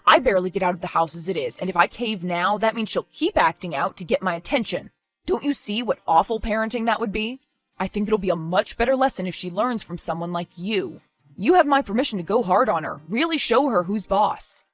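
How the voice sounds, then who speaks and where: A woman voicing a careless father who breezily brushes off his girlfriend's worries in an animated story. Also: mid-range voice, a little fast. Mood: lecturing. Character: dismissive careless father, a grown man. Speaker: boyfriend and father.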